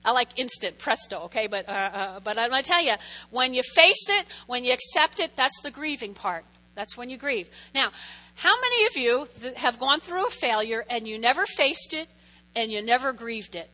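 A woman's voice: a little high, expressive, normal speed, bright, forceful tone. A woman pastor preaching a sermon in a chatty way, often checking in with her listeners. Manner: chatty, keeps checking in with the audience.

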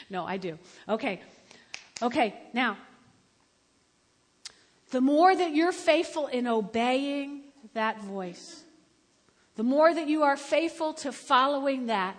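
A woman of about seventy preaching a sermon, telling stories and building to loud, emphatic exhortation. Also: high-pitched, expressive, slow. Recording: echoey hall with long reverb.

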